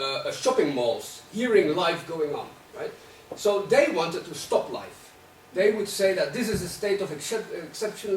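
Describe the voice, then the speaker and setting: Guy in the audience pushing a provocative question, kinda high voice, keeps saying right?, echoey room. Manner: provocative, rhetorical, tags statements with "right?". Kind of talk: academic Q&A discussion. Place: lecture hall. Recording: echoey room, distant mic, faint noise.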